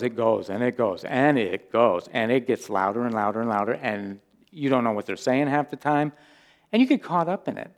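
A man preaching a conversational sermon as a pastor, informal and humorous, often asking the congregation questions. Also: mid-range voice.

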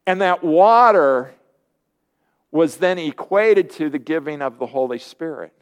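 A man preaching a sermon, lively and earnest, often acting out the voices of people he quotes. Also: a little high, measured pace, smooth. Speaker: pastor.

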